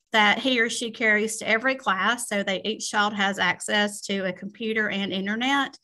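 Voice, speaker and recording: A woman with a Southern American accent, a school administrator, explaining programs to parents at a school meeting in a measured way with frequent ums. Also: mid-range voice, bright, forceful tone. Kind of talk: informational presentation at a school meeting.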